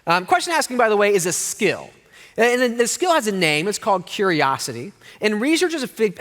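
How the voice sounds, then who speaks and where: A middle-aged man preaching a sermon as pastor, telling stories with jokes and playful voices. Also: sits high. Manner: animated storyteller with jokes and playful put-on voices. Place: church hall. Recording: long hall reverb.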